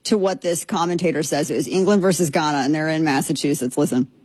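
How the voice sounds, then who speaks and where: A woman's voice: low-pitched, fast talker, darkish tone, husky, dry recording. A woman hosting a commentary show, talking in a chatty, sarcastic, rambling way. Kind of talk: opinionated political commentary.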